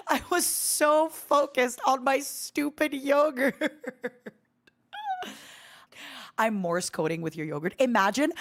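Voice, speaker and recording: A woman's voice: sits high, takes it slowly, pauses often. A woman VTuber chatting casually on a live stream, giggly and playfully dramatic, laughing often.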